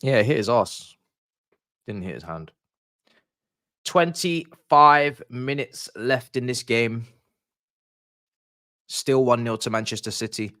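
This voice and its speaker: A man's voice: medium pitch, slow pace, pauses often, pushed and bright, no room sound, clean studio sound. A man streaming a live watch-along, chatty and slangy, with casual commentary on the match. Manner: chatty, slangy, groans and repeats "no" when annoyed.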